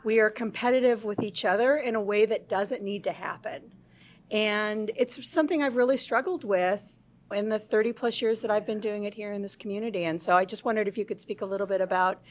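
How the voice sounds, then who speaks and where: A woman's voice: mid-range voice, fairly quick. Middle-aged lady in the audience asking the panel something, candid and earnest. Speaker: audience questioner. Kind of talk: asking a question at a live panel. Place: community event hall.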